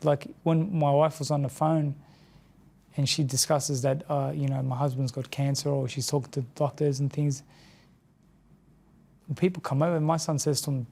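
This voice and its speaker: A man from Australia in his thirties, a former boxer speaking as an interview guest, talking softly and haltingly, often repeating words. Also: medium pitch, level tone, gravelly. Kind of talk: emotional sit-down interview.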